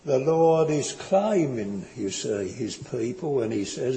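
A man preaches slowly and earnestly, his mellow, warm voice pausing and circling back over his words. His sermon rings with a long reverb, as in a large church hall. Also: medium pitch, animated, a little hiss or hum. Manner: slow, earnest, tender preaching with hesitant restarts.

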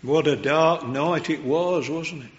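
A man preaching a sermon in a slow, reverent and earnest way, his voice rising in fervour at times. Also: on the high side, lo-fi sound.

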